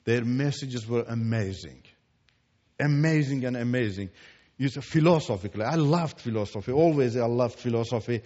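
A man's voice: mid-range voice, moderate pace. Emphatic man. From Iran. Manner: emphatic, repeats words for stress, swings from hushed to loud. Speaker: Christian teacher giving testimony. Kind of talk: preached testimony. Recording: echoey hall, dull lo-fi sound.

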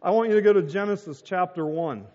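A man's voice: high voice, fast, mellow, long reverb tail, dull audio. A middle-aged man preaching a sermon as a pastor and telling stories with acted-out voices.

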